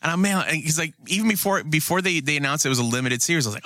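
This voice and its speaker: Profane, animated man. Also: on the high side, dry recording, studio quality. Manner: profane, animated, quick to act out quotes. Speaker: podcast co-host. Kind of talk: casual chat.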